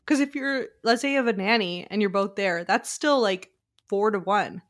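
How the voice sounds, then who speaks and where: A woman co-hosting a casual podcast, recapping a reality show in an animated, storytelling way and acting out quotes. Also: medium pitch, normal speed. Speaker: podcast co-host.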